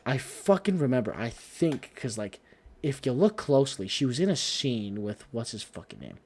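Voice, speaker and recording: A man streaming, chatting casually, rambling and swearing heavily with quick asides. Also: mid-range voice, very animated, a little mellow, breathy edge. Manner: profane, rambling, heavy swearing.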